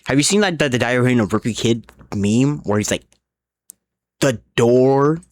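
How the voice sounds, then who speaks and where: A man's voice: mid-range voice, animated, fast talker, dry recording, clean studio sound. A man streaming a game live, rambling along as he plays, often restarting his sentences and swearing, and a little drunk. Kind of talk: casual live gaming commentary.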